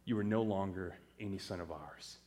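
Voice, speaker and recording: A man's voice: low voice, moderate pace, warm tone, voice pushed down, close to an everyday voice. A man voicing a pagan Roman mother and father who scold their son for turning Christian. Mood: stern. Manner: scolding, urgent. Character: alarmed pagan Roman parents, stern and fearful.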